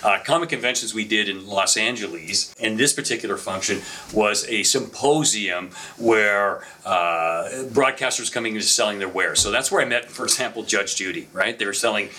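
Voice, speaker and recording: A middle-aged man on a podcast, telling stories in a casual, animated way with lots of fillers. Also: fairly low pitch, moderate pace, hardly any pauses. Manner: animated anecdotal storyteller with frequent fillers. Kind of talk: casual storytelling chat.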